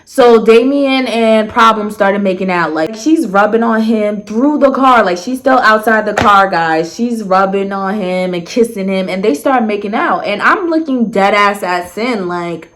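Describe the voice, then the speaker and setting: A young woman telling a messy story to her viewers in a casual storytime voice. She is blunt and sarcastic and swears without a filter. Her voice sits at a middling pitch and she pushes it up sharply when she wants to make a point. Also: unhurried, few pauses. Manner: animated, jumps pitch for emphasis. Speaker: storyteller vlogger.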